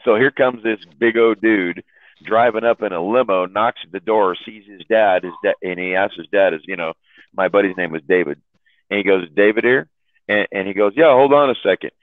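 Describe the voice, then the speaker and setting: A man's voice: on the low side, steady tone, moderate pace, dry recording. A man telling a long profane story in casual chat, rambling and laughing at his own jokes. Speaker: chat room host telling stories. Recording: dry, phone-like audio.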